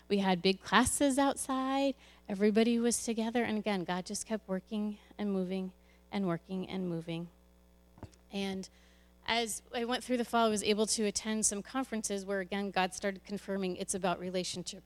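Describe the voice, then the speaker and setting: A woman's voice: mid-range voice, fairly even intonation, moderate pace. Candid woman sharing a church testimony. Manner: candid, conversational, with frequent restarts. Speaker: children's ministry leader. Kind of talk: personal testimony to a congregation.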